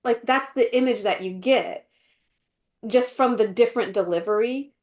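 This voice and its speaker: A woman co-hosting a podcast in casual chat, animated and full of fillers, often acting out quotes. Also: on the high side, moderate pace. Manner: animated, acts out quotes in voices, many fillers. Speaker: podcast co-host.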